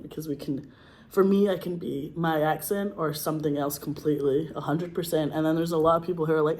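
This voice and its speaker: A Scottish woman, an actress, talking casually and excitedly, gushing and swearing, with a frog in her throat. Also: low-pitched, fairly quick. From Scotland. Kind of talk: casual monologue.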